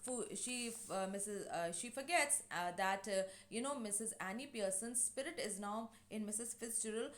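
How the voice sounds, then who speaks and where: A woman's voice: medium pitch, normal speed, few pauses. A woman teacher with an Indian English accent explains a play to her class, retelling its scenes with many fillers and short acted quotes.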